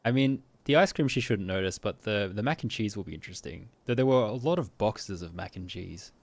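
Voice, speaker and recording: Low-voiced man streaming a game. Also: animated, a little fast, vocal fry, dry recording. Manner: laughs often, reads game text aloud. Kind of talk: casual gameplay commentary.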